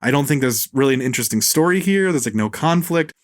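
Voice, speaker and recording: A man hosting a casual film podcast, talking bluntly, swearing freely and tossing in quick impressions of actors. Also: mid-range voice, expressive, no echo, clean studio sound. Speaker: podcast host. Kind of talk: casual film review chat.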